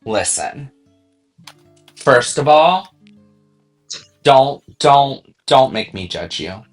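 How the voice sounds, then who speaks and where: Tipsy male tarot streamer, unhurried drawl, rambling asides, soft music bed. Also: medium pitch, animated. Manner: rambling, full of "you know what I mean". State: tipsy from drinking. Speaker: tarot reader co-host. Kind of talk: casual livestream chat.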